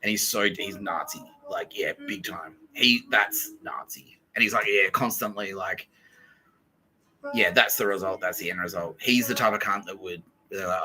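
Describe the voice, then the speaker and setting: A man hosting a podcast, telling a comic story in a loose, sweary, animated way and laughing between phrases. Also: sits low, normal speed, rough recording. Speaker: podcast host. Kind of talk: casual comedic storytelling.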